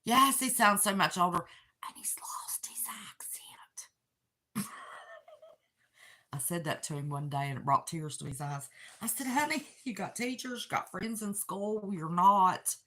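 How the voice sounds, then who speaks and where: A woman's voice: mid-range voice, expressive, moderate pace, pushed and bright. A woman, chatting emotionally with viewers on her livestream. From West Virginia. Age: 60s. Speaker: channel host. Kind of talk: casual livestream chat. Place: apartment.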